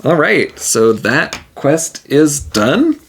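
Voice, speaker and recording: A man's voice: on the high side, big pitch swings, drawn-out words, slight background noise. A man narrating and playing a solo tabletop game in a rambling, easygoing way. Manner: rambling, laughing often.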